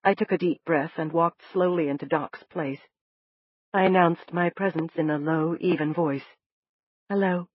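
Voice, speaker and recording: Woman, audiobook narrator, breathy, low voice, dry dull recording. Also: fairly even intonation, normal speed, no room sound. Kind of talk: first-person novel narration.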